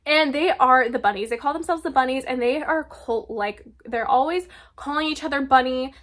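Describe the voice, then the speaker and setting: A young woman chatting casually and excitedly about books she loves, with lots of filler words. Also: high voice, brisk, hardly any pauses. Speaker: book reviewer. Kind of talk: casual book recommendation vlog.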